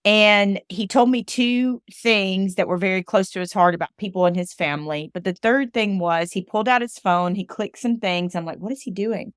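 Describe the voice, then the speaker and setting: A woman's voice: mid-range voice, moderate pace, hardly any pauses, smooth, no room sound, studio quality. A woman from Alabama giving a personal storytelling talk, emphatic and repeating phrases for emphasis. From Alabama, USA. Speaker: motivational speaker.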